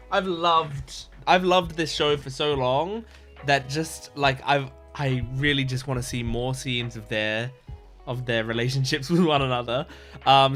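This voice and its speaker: Man, reaction host, bright tense tone, rambling, eager, mid pitch. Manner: rambling, full of fillers and restarts. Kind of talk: casual reaction commentary.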